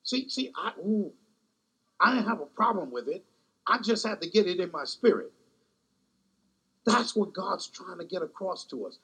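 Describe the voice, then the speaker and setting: A male pastor with a high, husky voice delivers a sermon. He is emphatic, circles back on his own phrases and keeps asking the congregation whether they hear him. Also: very animated, normal speed, long pauses, a bit bright. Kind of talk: sermon with closing prayer.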